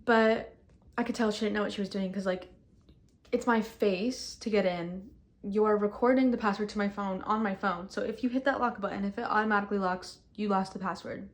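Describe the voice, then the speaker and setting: Recorded outdoors, a woman casually recounts a personal ordeal in first person, speaking in quick bursts packed with fillers. Her voice is mid-range and her tone steady.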